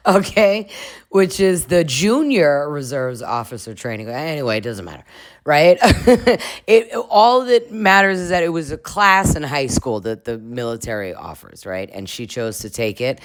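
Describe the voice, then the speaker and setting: A woman with a deep voice chats in a very animated but unhurried way through a reality TV recap. This recap vlogger is crude and laughs a lot, putting on voices to mimic the cast members she discusses.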